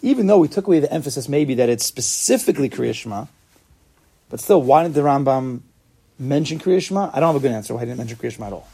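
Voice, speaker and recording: A man's voice: mid-range voice, animated, fast, gravelly, warm tone, breathy edge. A man teaching an informal Talmud class, explaining step by step and asking and answering his own questions.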